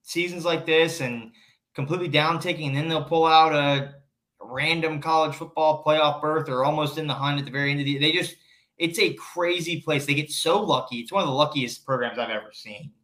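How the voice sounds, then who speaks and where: A man's voice: on the high side, brisk, a bit bright. A man co-hosting a podcast in casual chat, agreeable and a bit rambling. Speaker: podcast co-host. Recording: echoey room.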